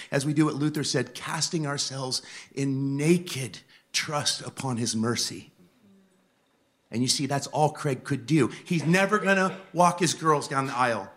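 A man preaching a sermon to a live audience, telling a personal story earnestly, moving from hushed moments to fervent appeals. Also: a little high.

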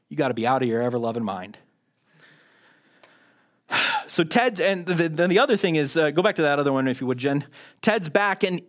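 A man's voice: fairly high pitch, a bit bright. A man preaching a sermon in a conversational, self-deprecating way, often restarting his sentences. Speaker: pastor.

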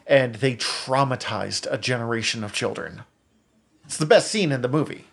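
A man's voice: mid-range voice, moderate pace, vocal fry, fairly bright tone, husky. A man co-hosting a podcast, talking in an enthusiastic, opinionated and rambling way with plenty of fillers. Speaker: podcast co-host. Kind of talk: casual chat.

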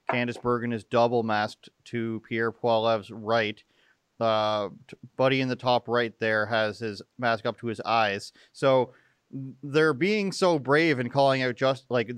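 A man's voice: medium pitch, clean tone, no echo, clean studio sound. A young man hosting political commentary, sarcastic and mocking as he picks apart statements. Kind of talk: opinionated live commentary.

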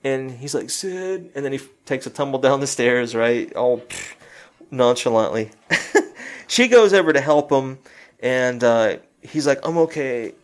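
A man's voice: mid-range voice, moderate pace. A man chatting casually about a film's final scene, acting out the characters' lines, swearing and laughing as he goes. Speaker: podcast co-host recapping a film. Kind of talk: casual chat.

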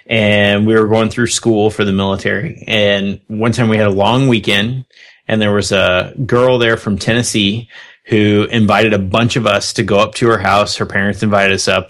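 A middle-aged man hosting a podcast, chatting casually and telling stories with frequent laughter. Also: on the low side. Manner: relaxed storyteller, laughs often. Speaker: podcast host. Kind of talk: casual panel chat.

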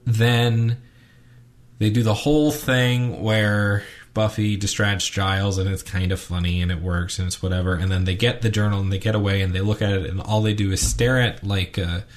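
A man co-hosting a podcast, chatting casually and ranting with animated asides. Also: on the low side, moderate pace. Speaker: podcast co-host.

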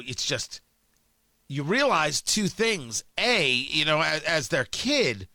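A man's voice: a little high, bright, forceful tone, no room sound. A middle-aged man hosting a talk radio show, riffing in a monologue, often restarting his sentences and acting out quotes.

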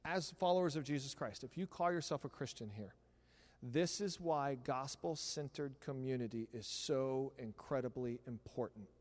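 A middle-aged man preaching a sermon in a church, talking conversationally with animated asides. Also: mid-range voice, normal speed. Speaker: pastor. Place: church sanctuary. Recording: long hall reverb.

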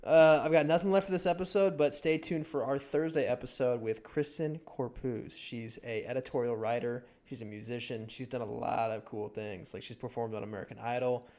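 A man's voice: mid-range voice, steady tone, fairly quick, hardly any pauses, a little mellow. A man in his twenties co-hosting a podcast, chatting casually and leaning heavily on "like" as a filler. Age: 20s. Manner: filler-heavy, says "like" often. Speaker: podcast co-host.

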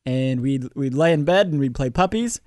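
A man's voice: medium pitch, animated, moderate pace, a little mellow, a little hiss or hum. A young adult man, a comedian, telling a personal story in casual chat, rambling and self-deprecating with many restarts. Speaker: comedian guest.

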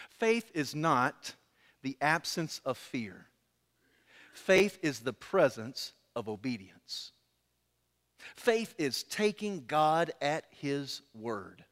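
A man preaches a sermon with a high, bright voice. He swings from loud pleading to soft, hushed lines. Long reverb from a large hall trails every phrase. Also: sing-song, drawn-out words. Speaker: pastor.

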